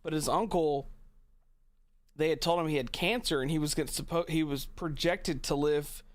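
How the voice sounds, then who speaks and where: A man's voice: fairly high pitch, moderate pace, no echo. A man telling long rambling stories in casual chat as a streamer, swearing freely and laughing often.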